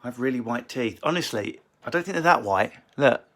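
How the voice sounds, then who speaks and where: A comedian answering viewer questions in a casual Q&A, swearing and joking in quick asides, from a book-lined room at home on a phone. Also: male voice, mid-range voice, expressive, fairly bright tone. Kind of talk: casual livestream Q&A.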